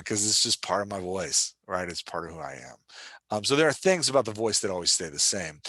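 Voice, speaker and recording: On his solo writing podcast, a man from Louisiana, his Southern accent still lingering, teaches in a fairly low, sharp-toned voice with no room sound. He pokes fun at himself and frequently asks "right?"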